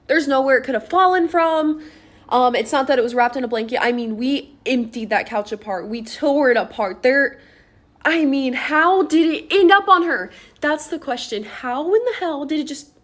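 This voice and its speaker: A young woman telling a spooky story from her own life in a casual, chatty way, full of fillers and swearing. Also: fairly high pitch.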